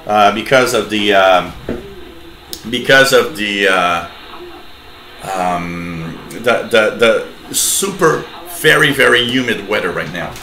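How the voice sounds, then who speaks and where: Slow, rambling man in an echoey room. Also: on the low side, sharp tone. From Canada. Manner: rambling, many fillers and restarts. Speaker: shortwave radio show host. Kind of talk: live-streamed hobby radio talk.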